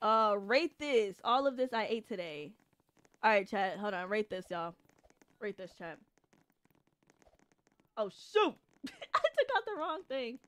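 Lively high-voiced woman streamer. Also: slow pace, long pauses, no echo. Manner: excitable, shrieks and laughs often. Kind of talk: live gaming commentary.

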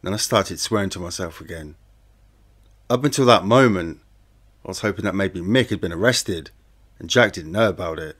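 Low-voiced man narrating true crime. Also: moderate pace, pauses often, a bit bright. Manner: plain, conversational storytelling. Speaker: audiobook narrator. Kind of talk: first-person true-crime audiobook narration.

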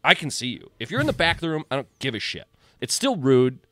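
A man who does stand-up comedy, chatting casually on a podcast and telling blunt, profane stories with lively quoted voices. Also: mid-range voice, fast talker, dry recording. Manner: blunt, profane, animated storytelling. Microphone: close desk mic.

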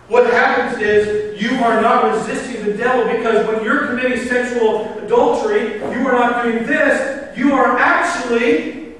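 A man preaching a sermon with passion, swinging between loud urging and hushed pleading. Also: extremely high pitch, moderate pace, far from the mic. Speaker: pastor. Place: church hall. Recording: echoey hall recorded from afar.

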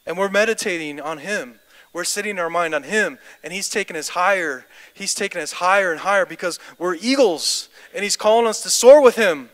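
With music running beneath him during a church service, a man preaches and then prays in a high-sitting, fairly bright voice, talking a little fast. His delivery is impassioned and repetitive, mounting toward declarations.

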